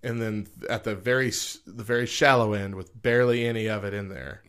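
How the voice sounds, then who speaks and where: A man's voice: fairly low pitch, fairly even intonation, fairly quick, fairly bright tone, clean tone. A man co-hosting a casual podcast chat, reading list items and quotes aloud and laughing often. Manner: chatty, laughs often, reads quotes with lifted energy. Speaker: podcast co-host.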